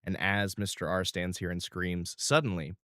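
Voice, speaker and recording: A man running a tabletop game with relaxed narration. His voice sits low and comes across smooth and resonant. The sound is close and dry. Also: moderate pace, dry recording. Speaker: game master.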